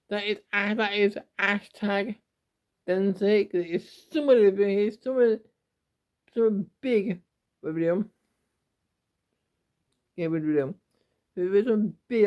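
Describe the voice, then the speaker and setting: A man from England talking to his camera in a rambling, emotional home vlog, often repeating and restarting himself. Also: high-pitched. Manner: emotional, repetitive, halting. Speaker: YouTuber. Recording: dull lo-fi home recording.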